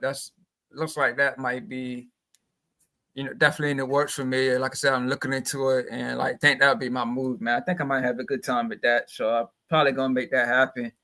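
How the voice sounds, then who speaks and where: Male podcast co-host, mid-pitched, relaxed and hesitant. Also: brisk. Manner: easygoing, hesitant with many "like" fillers. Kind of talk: casual podcast chat.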